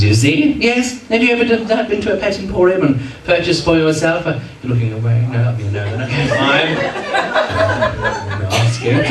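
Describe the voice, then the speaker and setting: A man's voice: on the high side, fairly bright tone. An English man telling a comic story to a live audience, chatty and teasing, playfully pompous, recorded from a distance in a hall. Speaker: comedy entertainer. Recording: echoey hall from far off, crowd.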